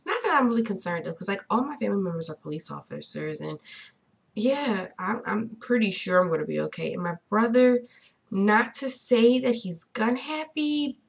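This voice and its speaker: A woman's voice: medium pitch, lively intonation, normal speed, vocal fry. A young woman vlogging casually to camera, sassy and incredulous, sometimes dropping to a whisper.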